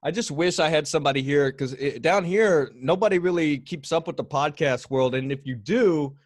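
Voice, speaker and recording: Young guy hosting his podcast, crude jokes, bit high voice, dry sound. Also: moderate pace, no echo. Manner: joking, crude, loose. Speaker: podcast host. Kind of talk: casual podcast chat.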